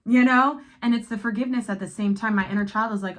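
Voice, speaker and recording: A woman's voice: fairly high pitch, steady tone, fast, hardly any pauses. A woman giving a casual spiritual tarot reading, emphatic and swearing now and then, slipping into the inner voices of her listeners. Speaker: tarot reader.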